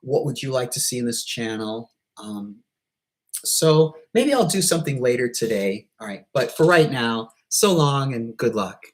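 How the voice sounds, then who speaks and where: A man talking in a casual vlog monologue, hesitant and halting, with many pauses, restarts and self-deprecating asides. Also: mid-range voice, lively intonation, rough recording. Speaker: YouTuber.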